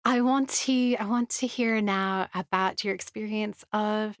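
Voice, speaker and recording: A woman interviewing a guest in a studio, asking gentle questions and giving short encouraging prompts. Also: mid-range voice, unhurried, no room sound. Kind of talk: casual interview chat. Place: recording studio.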